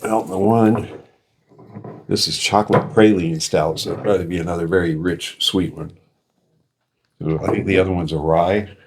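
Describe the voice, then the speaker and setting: Male beer reviewer with a low voice, easygoing and self-deprecating. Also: fairly even intonation, moderate pace, pauses often, a little hiss or hum. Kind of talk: casual chat.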